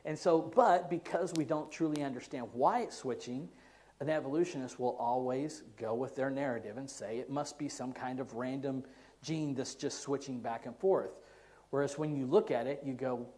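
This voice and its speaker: A man's voice: mid-range voice, moderate pace, darkish tone. Casual American man answering questions. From United States. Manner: casual, rambling, chuckles between answers. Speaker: creationist speaker answering audience questions. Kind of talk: live Q&A talk.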